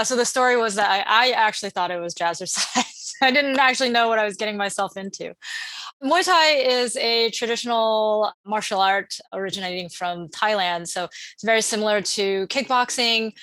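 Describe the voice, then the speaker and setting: Woman in her thirties, podcast guest, chatty with restarts, bright tone, dry close sound. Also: mid-range voice, no room sound. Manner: chatty, with many fillers and restarts. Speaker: guest, startup founder. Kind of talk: casual interview conversation.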